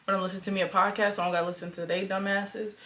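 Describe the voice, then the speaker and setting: Sorting through her apartment, this twenty-something vlogger talks to herself casually and with plenty of slang. She speaks at a racing pace in a medium pitch, her delivery flat and her tone sharp.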